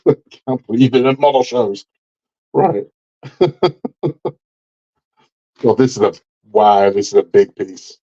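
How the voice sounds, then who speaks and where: A man chats through a live model-building stream in a low, mellow voice. He jokes, rambles and laughs often. The audio is dull and lo-fi. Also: slow pace, pauses often. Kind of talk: casual live-stream chat while building.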